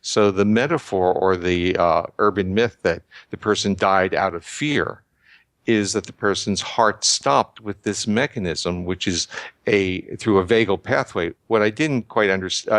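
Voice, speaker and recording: An older man giving measured, lecturing explanations as an interview guest, often restarting his sentences. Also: fairly low pitch, a bit bright, no room sound. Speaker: guest researcher.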